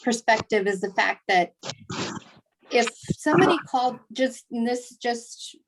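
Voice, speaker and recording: Woman asking a halting class question. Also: fairly high pitch, background noise. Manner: thinking aloud, halting. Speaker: real estate agent in class. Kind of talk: question from the audience.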